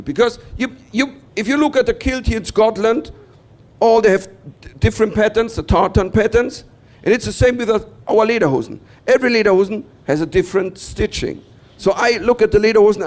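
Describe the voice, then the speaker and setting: A high-pitched Bavarian man with a German accent performs stand-up comedy. He's an animated storyteller who acts out other people's lines.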